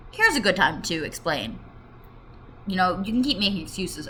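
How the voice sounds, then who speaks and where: A woman's voice: medium pitch, very animated, brisk, slight background noise. Chatty young woman telling tic stories. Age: 20s. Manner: chatty, self-mocking, with sudden shouted tics. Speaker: vlogger. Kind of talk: casual storytelling monologue. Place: home room.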